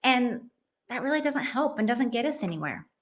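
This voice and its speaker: A middle-aged woman hosting a Christian parenting podcast tells a personal family story earnestly and from the heart. Her voice is on the high side and very animated, at a moderate pace.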